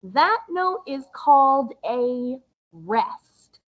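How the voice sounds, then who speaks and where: A woman music teacher giving a recorded lesson to young children, explaining slowly and patiently in a sing-song way. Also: high-pitched, sing-song, narrow, tinny audio.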